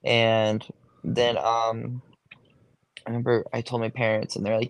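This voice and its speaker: A man's voice: medium pitch, flat delivery, fairly quick, no room sound. A young man, a go-go dancer, talking casually in an interview, chatty, swearing freely and saying "like" a lot. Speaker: guest, go-go dancer.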